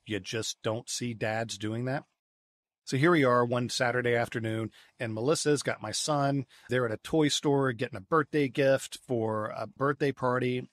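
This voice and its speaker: Man telling a lively story. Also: medium pitch, dry recording, studio quality. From United States. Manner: lively storyteller, repeats words as he restarts. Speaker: podcast guest. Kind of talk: storytelling in a conversational interview.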